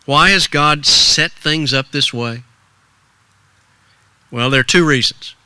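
An older man, a pastor, preaching an earnest sermon in a storytelling way. He drops to soft hushes, then rises with stirring emphasis. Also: on the high side, takes it slowly, smooth, dry recording.

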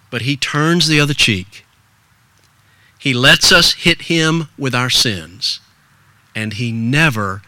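Older male pastor preaching with a lively, swinging delivery and a bright, dry sound. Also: on the high side, no echo. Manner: earnest and storytelling, swinging between soft hushes and stirring emphasis. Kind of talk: sermon.

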